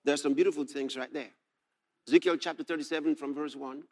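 A man preaching a sermon, reading scripture aloud and commenting on it, rising to shouts and laughing with delight at the text. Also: on the high side, fairly even intonation, quick pace.

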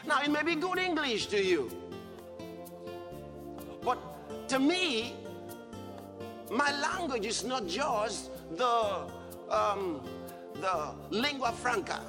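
A man's voice: extremely high pitch, big pitch swings, slow, long pauses. A man preaching a sermon, emphatic, repeating his points for stress. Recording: hall reverb with faint music.

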